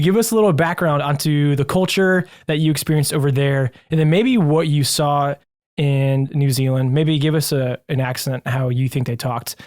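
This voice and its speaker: An upbeat male podcast host with a slightly higher voice. He asks questions in a casual, enthusiastic, joking way. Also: a little mellow.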